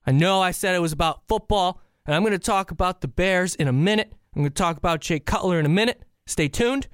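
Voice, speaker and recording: A man from the Chicago area hosting a podcast, telling a story in an animated, incredulous way. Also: high voice, fast talker, clean tone, dry recording, studio quality. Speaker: podcast host. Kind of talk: casual solo podcast rant.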